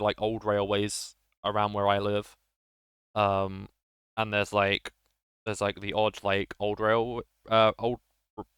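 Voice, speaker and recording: A man's voice: lowish voice, fairly bright tone, clear, resonant tone, no room sound, clean studio sound. A man streaming a game, chatting casually and laughing between lines, with many fillers. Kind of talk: casual gaming commentary.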